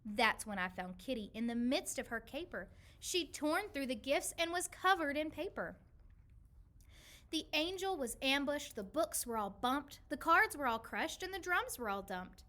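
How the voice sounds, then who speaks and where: A woman reading a rhyming children's picture book aloud, with an expressive, rhythmic delivery. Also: high-pitched, moderate pace.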